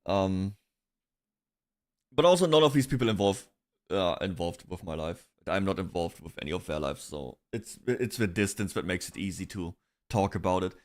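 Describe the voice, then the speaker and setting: A man's voice: low-pitched, lively intonation, moderate pace. A man streaming, chatting casually about online drama in a rambling way, with restarts and bursts of laughter.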